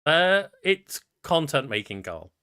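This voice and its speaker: Bright, smooth-voiced podcast co-host man. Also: a little high, sing-song, takes it slowly. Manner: chatty, reads promo plugs in a customer-service cadence. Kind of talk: casual podcast chat.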